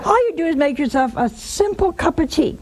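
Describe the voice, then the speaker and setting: A woman's voice: high voice, expressive, a little fast, darkish tone, rough recording. A woman who is a nun hosting a religious call-in show, preaching emphatically, repeating phrases and dropping folksy asides.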